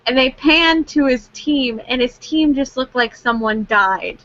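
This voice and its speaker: A woman co-hosting a casual chat, animated and laughing as she acts out reactions. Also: sits high, measured pace, no echo, muffled recording. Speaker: co-host.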